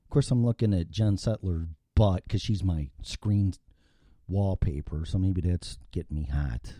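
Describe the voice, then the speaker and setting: A man's voice: sits low, unhurried, warm tone, no echo. A man hosting a live opinionated talk show from an indoor studio, rambling and swearing freely. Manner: profane, rambling and ranting.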